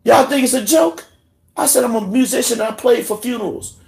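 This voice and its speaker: A man hosting a livestream, ranting heatedly and emotionally, swinging between low muttering and shouting. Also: a little fast, vocal fry. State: emotional, in tears. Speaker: livestream host. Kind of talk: angry livestream rant.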